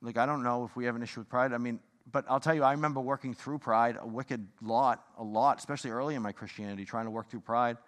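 A man preaching a sermon in a fired-up, rambling way, swinging from loud bursts to hushed talk. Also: mid-range voice, steady tone, fast, hardly any pauses. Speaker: pastor. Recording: long hall reverb.

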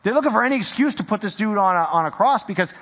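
A man preaching with a high, bright voice that leaps up and down as he acts out the people in the story. He talks in a loose, slangy way, and the sound carries a long reverb from a hall. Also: very fast. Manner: animated, casual slang, acts out quoted voices. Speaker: pastor. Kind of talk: sermon.

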